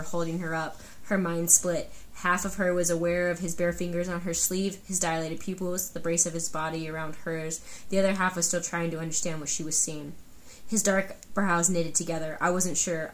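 A woman's voice: fairly low pitch, low-quality recording. A woman co-hosting a book podcast, reading passages aloud and gushing earnestly about the story in casual chat. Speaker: podcast co-host.

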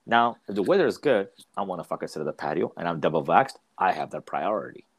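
A man's voice: low-pitched, expressive, fast talker, breathy edge. A man in casual chat, ranting heatedly and swearing freely. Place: Ontario, Canada.

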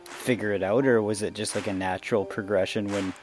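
A man's voice: fairly low pitch, steady tone, fairly quick, over music. A man interviewing a guest in casual conversation, prompting with questions and laughing along.

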